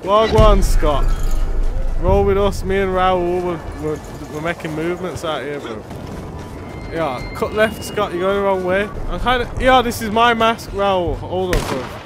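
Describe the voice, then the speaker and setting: A young man commentating his gameplay, swearing and yelling in slang when scared. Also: high-pitched, lively intonation, unhurried, over music. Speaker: gaming streamer.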